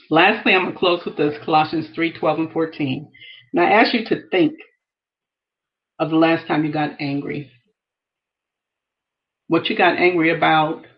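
A woman's voice: deep voice, highs cut off. A woman giving earnest devotional teaching, reading scripture aloud and repeating key phrases. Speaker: Bible teacher.

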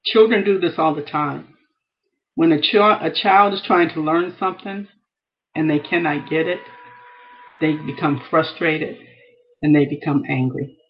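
A woman's voice: deep voice, a little slow, long pauses, dull audio. Earnest woman teaching scripture. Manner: earnest, reads scripture aloud, repeats phrases. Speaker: Bible teacher. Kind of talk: devotional teaching.

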